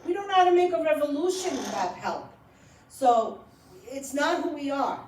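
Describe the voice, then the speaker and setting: A woman's voice: high voice, animated, normal speed, darkish tone, slight background noise. A middle-aged woman from Iran, an author telling stories to an audience at a library event, laughing often as she talks. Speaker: author speaking at a book event. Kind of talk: storytelling talk to an audience. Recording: roomy, distant mic.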